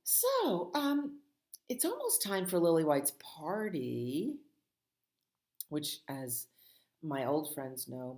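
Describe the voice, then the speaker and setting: Low-voiced, animated storytime librarian. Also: female voice, slow pace. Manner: gentle, playful, talks to small children. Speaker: children's librarian. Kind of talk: children's storytime, reading aloud.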